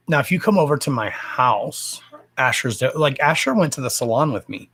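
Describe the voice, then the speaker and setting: A man's voice: mid-range voice, very animated, moderate pace, fairly bright tone, husky. A man hosting a casual livestream from home, talking bluntly and swearing freely in a fired-up, emphatic rant. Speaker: livestream host.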